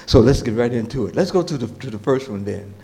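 Animated, lively-voiced male pastor. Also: medium pitch, fast, gravelly. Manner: animated, emphatic, with fillers and restarts, asks the congregation questions. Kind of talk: sermon.

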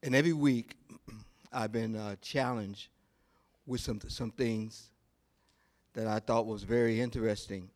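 A male pastor preaching a sermon, telling a story in a slow, deliberate way with pauses. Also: fairly low pitch, fairly even intonation, a little mellow.

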